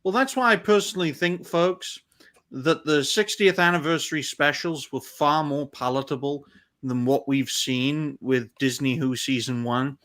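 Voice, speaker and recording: A man hosting a fan live stream, giving opinionated, ranting commentary in quick bursts. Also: on the high side, a bit bright.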